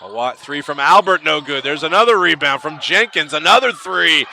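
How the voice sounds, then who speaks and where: A man calling a live basketball game play-by-play, lively and chatty, with excited calls on big plays. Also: a little high, moderate pace, creaky, few pauses, a little hiss or hum. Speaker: play-by-play commentator.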